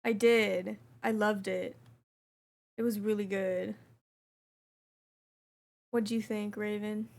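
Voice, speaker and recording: A young woman streamer chatting casually with her chat while she plays, reading messages aloud in a relaxed way. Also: medium pitch, takes it slowly, gravelly, long pauses.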